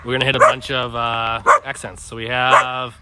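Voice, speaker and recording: A man co-hosting a live stream outdoors, reading viewer questions aloud in a halting way. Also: mid-range voice, little pitch movement, very noisy. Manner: reads out comments and prompts, halting. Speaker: podcast co-host reading viewer comments. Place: outdoors by train tracks.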